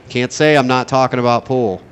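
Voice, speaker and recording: A man commentating a pool match in a casual play-by-play style, excitable and joking, wandering into rambling asides. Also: medium pitch, a little fast, slight background noise. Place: at a pool tournament venue.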